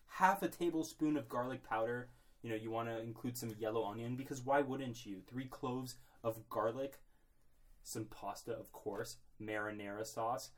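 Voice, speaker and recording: A young man co-hosting a podcast in a small closet, rambling mock-seriously with lots of filler words. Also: medium pitch. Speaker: podcast co-host. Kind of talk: comedic casual chat.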